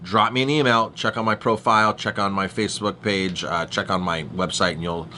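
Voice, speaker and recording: Speaking briskly in a lowish, pushed and bright voice with fairly even intonation, a middle-aged chef faces the camera, a slight hiss or hum in the background. His consumer warning about food fraud takes the form of an emphatic, repetitive rant.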